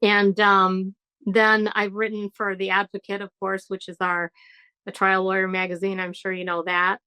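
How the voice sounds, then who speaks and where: Woman, UK-born bright, crisp-voiced storyteller. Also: medium pitch, completely flat delivery, moderate pace, no echo, rough recording. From United Kingdom. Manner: chatty storyteller, acts out quoted voices. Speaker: guest, trial lawyer and writer. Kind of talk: casual interview chat.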